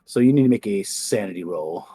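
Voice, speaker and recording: A man's voice: on the low side, animated, fairly quick, mellow, slight background noise. A young man running a tabletop horror game as game master, hesitant and full of restarts. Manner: hesitant, many ums and restarts.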